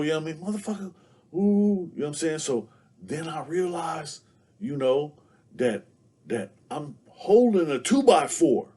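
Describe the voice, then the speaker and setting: A man's voice: a little high, a little mellow, slightly rough. A man telling a casual story as a show guest, packing nearly every phrase with "you know what I'm saying.".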